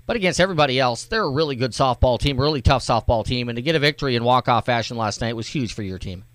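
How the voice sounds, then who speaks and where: A man's voice: mid-range voice, fast, fairly bright tone, dry recording. A man hosting a local sports radio show, asking questions in a folksy, chatty way full of "uh"s. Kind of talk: radio interview.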